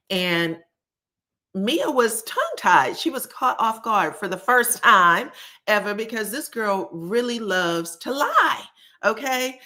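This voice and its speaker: A woman hosting a chatty, sassy recap of a reality show, talking straight to her viewers with quick asides. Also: fairly high pitch, sing-song, bright, forceful tone. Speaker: host. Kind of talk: casual reality-TV recap commentary.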